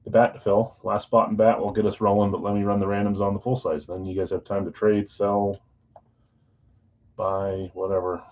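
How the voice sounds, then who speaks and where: A man with a fairly low voice hosts a live card break. He runs through names and teams in a relaxed, chatty way and talks straight to his viewers. The sound is a little dull and lo-fi, like plain stream audio. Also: moderate pace. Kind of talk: casual live-stream chat, reading out team assignments.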